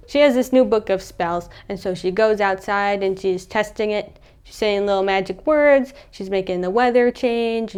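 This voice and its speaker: A young woman talks through a movie's plot in a loose, chatty way. She slips into the characters' voices as she goes. Her voice is smooth and resonant, sitting at an ordinary middle pitch. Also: normal speed, few pauses. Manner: chatty, animated, acts out characters' lines. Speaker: movie reviewer. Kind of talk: casual movie recap.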